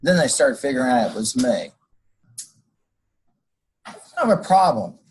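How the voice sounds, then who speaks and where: Gravelly-voiced man lecturing. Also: medium pitch, low-quality recording. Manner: folksy, rambling with personal stories. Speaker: college instructor. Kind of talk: screencast lecture.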